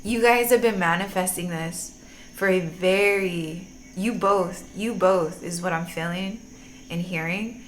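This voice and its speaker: Woman tarot reader, teary-eyed and gushing, slangy, lowish voice, faint noise behind. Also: measured pace. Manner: emotional, gushing, laughs often, slangy. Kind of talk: casual tarot reading to camera.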